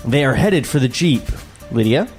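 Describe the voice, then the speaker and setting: A man co-hosting a comedy podcast, reading a screenplay aloud with sarcastic, deadpan asides. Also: a little high, measured pace, faint music behind. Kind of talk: comedic table read with commentary.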